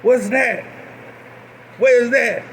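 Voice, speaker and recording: A man's voice: high voice, animated, moderate pace, creaky, a bit bright, a little hiss or hum, pitched above the performer's own voice, heavily acted. A man voicing a blunt backwoods Southern man with a brash, drawling way of talking.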